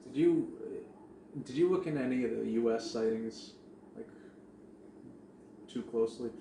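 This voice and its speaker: Profane, animated male podcast host. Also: mid-range voice, normal speed. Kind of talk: casual podcast chat. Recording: echoey room with faint noise.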